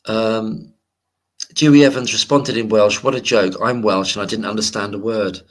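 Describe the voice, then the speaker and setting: A man's voice: on the low side, steady tone, moderate pace. A man hosting a late-night livestream, chatting casually and wandering off-topic while he reads out viewer comments. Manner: rambling and digressive, reads viewer comments aloud. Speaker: livestream host.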